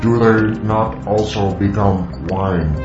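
Stiff, monotone lab robot voiced by a man, deep and very slow, lo-fi echoey sound. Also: music in the background. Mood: puzzled. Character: flat literal-minded lab robot. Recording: dull lo-fi sound, roomy echo.

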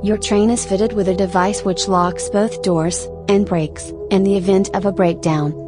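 A woman voicing a cold, calculating announcer who taunts a trapped train passenger in a calm, formal way, with ambient music behind. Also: medium pitch, moderate pace, natural voice. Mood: coldly polite. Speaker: story contributor. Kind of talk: first-person story reading.

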